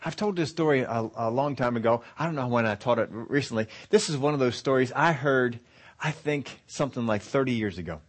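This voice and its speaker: Man, middle-aged, Bible teacher, folksy storytelling, rambling, self-correcting, mid pitch. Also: a little fast. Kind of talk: conversational sermon storytelling.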